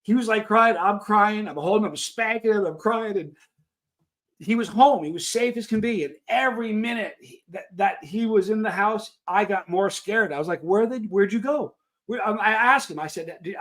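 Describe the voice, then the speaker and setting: A man's voice: sits high, moderate pace, fairly bright tone. A middle-aged man hosting a live stream, telling long personal stories in a casual, rambling way with frequent restarts. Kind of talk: casual storytelling to a live chat.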